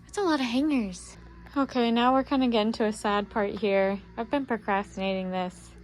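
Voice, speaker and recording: In this casual home vlog, a woman goes through her belongings and chats in a heartfelt, meandering way, leaning on lots of fillers. Her voice is on the high side, steady in tone and moderately paced, with a little hiss or hum in the recording.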